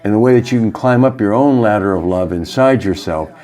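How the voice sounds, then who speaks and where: Halting, low-voiced spiritual teacher, a man. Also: warm tone. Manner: halting, rambling, frequent fillers. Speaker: yoga teacher. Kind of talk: casual spiritual monologue.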